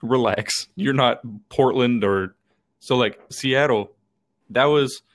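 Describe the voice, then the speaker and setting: A man's voice: mid-range voice, slow. A young man from Texas, co-hosting a podcast and telling rambling, swear-laden stories full of fillers. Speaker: podcast co-host. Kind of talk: casual chat.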